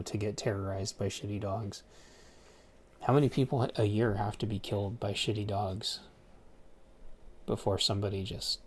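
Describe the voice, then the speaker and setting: A man ranting in a casual, rambling way, swearing often and repeating words as he restarts his sentences. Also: on the low side. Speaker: streamer. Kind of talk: casual rant.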